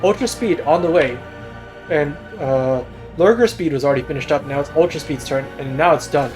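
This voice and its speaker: A man's voice: on the high side, moderate pace, darkish tone, faint music behind. A young man giving casual, self-deprecating solo commentary on a strategy game replay. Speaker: game caster.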